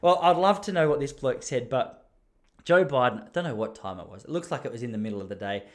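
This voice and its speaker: A man's voice: medium pitch, animated, fast talker. An Australian man in his thirties rambling and joking through a casual monologue, laughing often. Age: 30s.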